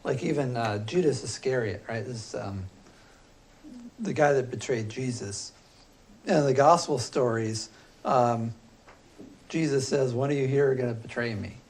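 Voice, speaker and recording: A man teaching a philosophy class, talking loosely and thinking aloud with frequent pauses and fillers. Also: medium pitch, darkish tone. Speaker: philosophy instructor. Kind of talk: classroom lecture.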